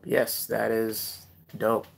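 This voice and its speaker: A man's voice: fairly low pitch, monotone, very slow, vocal fry. A man hosting a casual live Q&A, giving rap tips and reading viewer comments aloud with lots of fillers.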